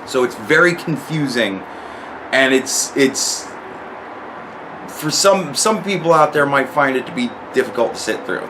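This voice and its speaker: A man's voice: mid-range voice, lively intonation, a little slow, noisy background. A man giving a casual spoken review of a TV series, rambling and swearing a lot, often restarting his sentences. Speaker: show reviewer.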